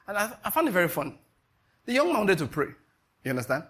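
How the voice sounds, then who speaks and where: A middle-aged man delivers a sermon with a somewhat husky voice pitched a little high. He is an animated storyteller who slips into the voices of the people he describes. His delivery swings between urgent appeals and easy, conversational asides. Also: fast. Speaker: pastor.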